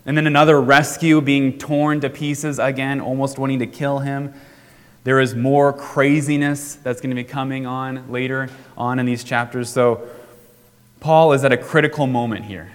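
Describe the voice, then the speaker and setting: A male pastor preaching a sermon in a measured, unhurried way with frequent pauses. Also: mid-range voice, steady tone. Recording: reverberant hall.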